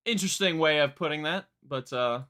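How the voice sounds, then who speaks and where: A man's voice: a little high, fairly quick, sharp tone, clean tone. A young man streaming a live album reaction, chatting casually in a rambling, self-mocking way.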